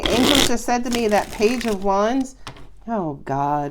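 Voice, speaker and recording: A woman giving a casual, expressive tarot reading, chatting freely and exclaiming often. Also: fairly high pitch, measured pace, background noise. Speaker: tarot reader.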